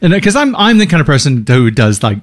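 A middle-aged man in casual chat, jokey and lively, who drops his voice low for the voices he quotes. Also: fast talker, dry recording, clean studio sound.

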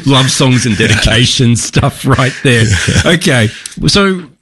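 A man's voice: mid-range voice, lively intonation, takes it slowly, fairly bright tone, breathy edge. A man hosting a podcast interview, chatty and playful, affirming his guest. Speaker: podcast host.

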